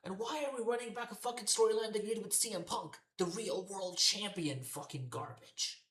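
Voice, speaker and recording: Talking a little fast in a mid-range, somewhat bright voice, a woman rants about a wrestling show she's reviewing. She's profane and exasperated, repeating herself, and the room is roomy and echoey.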